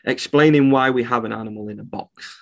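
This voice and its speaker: A man's voice: mid-range voice, brisk, vocal fry. A man, a reptile shop owner, talking bluntly and indignantly as a podcast guest and swearing freely. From United Kingdom. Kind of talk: casual podcast conversation.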